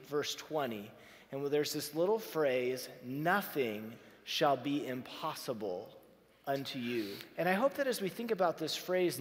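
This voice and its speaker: A man tells a story to a live audience, his voice sitting a little high as he acts out each exchange. Long reverb from a large hall trails behind every word. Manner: animated, acts out dialogue in a story. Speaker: inspirational speaker.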